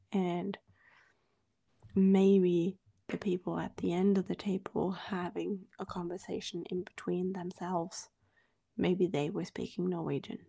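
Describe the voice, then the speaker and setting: A woman's voice: mid-range voice, vocal fry, dark tone, breathy edge, no echo. A woman co-hosting a podcast, telling a story in casual chat, with lots of "like"s as she acts out the quoted dialogue. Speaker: podcast co-host.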